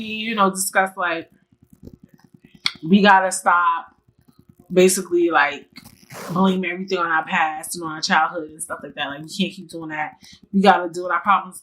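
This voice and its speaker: Young woman podcast host, bright voice, blunt slangy and laughy. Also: medium pitch, rough recording. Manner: candid, slangy, laughs often. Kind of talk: casual solo podcast monologue.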